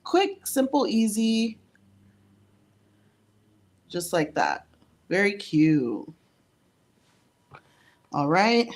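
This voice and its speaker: A woman's voice: mid-range voice, big pitch swings, very slow, long pauses. A woman giving a casual live-stream nail tutorial, chatty and giggly and a little out of breath. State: slightly out of breath. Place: indoor studio under hot lights.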